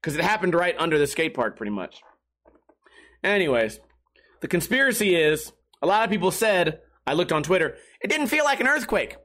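High-voiced, profane joking man. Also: big pitch swings, brisk, fairly bright tone. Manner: profane, joking, laughs at own jokes. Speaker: livestreamer. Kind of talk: casual rambling chat to stream viewers.

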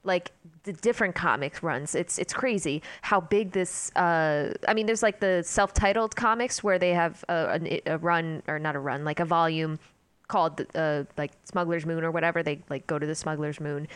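Woman podcast co-host, lower register, rambling fan chatter, dry close sound. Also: normal speed, clear, resonant tone, no echo. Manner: chatty, rambling, laughs often. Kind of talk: casual fan chat.

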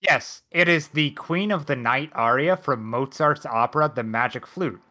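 A man with a medium-pitched, bright, forceful voice hosts a casual podcast chat at a moderate pace. He's dry and nerdy, explaining details straight from his notes.

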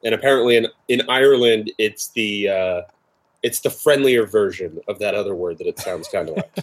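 A man with a fairly low voice co-hosts a drinks tasting show, chatting casually over a video call at normal speed. He explains things hesitantly with lots of fillers, and there's slight background noise.

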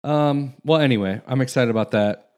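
A man's voice: medium pitch, normal speed, a little mellow, clean tone. A man around forty co-hosting a casual chat, rambling along and reading facts aloud. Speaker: podcast co-host.

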